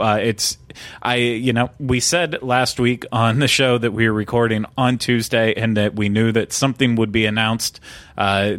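Low-voiced podcast host, dry studio. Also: male voice, no room sound. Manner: self-deprecating, rambling with restarts. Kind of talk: casual podcast chat.

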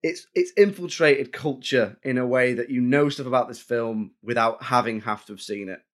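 A man's voice: mid-range voice, moderate pace, a bit bright. A man hosting a film podcast, chatty and wry, reading out ratings. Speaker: podcast host. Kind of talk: casual chat.

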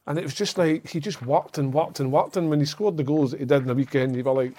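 A man's voice: fairly high pitch, fairly even intonation, quick pace, dark tone. A Scottish man in his forties, a former footballer, telling earnest anecdotes in casual chat and swearing freely. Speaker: former footballer, podcast guest.

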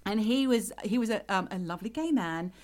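A woman's voice: medium pitch, lively intonation, brisk, a little mellow. Woman vividly telling a ghost story. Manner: vivid storyteller who acts out voices.

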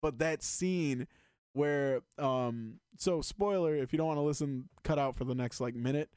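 Excited rambling man, dry sound. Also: medium pitch, unhurried, clear, resonant tone, dry recording. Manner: excited and rambling, filler-heavy. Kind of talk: casual chat.

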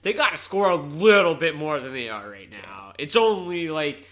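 A man's voice: a little high, expressive, moderate pace, sharp tone. A man co-hosting a casual sports podcast, laid-back and joking. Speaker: podcast co-host. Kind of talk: casual chat.

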